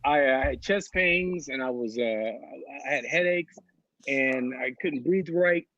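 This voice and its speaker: This comedian in his thirties takes his time, speaking at medium pitch with a slightly bright tone. Doing a loose, profane video-call set from his home couch, he laughs through his stories, and the audio has no echo but cuts off the highs.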